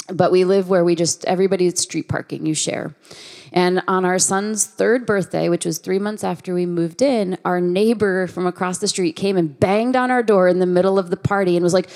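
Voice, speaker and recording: A woman in her thirties gives a sermon in a relaxed, conversational way. Her voice sits fairly low for a woman, and she slips into the voices of the people she quotes. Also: fairly quick. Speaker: guest preacher. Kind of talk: sermon with personal storytelling.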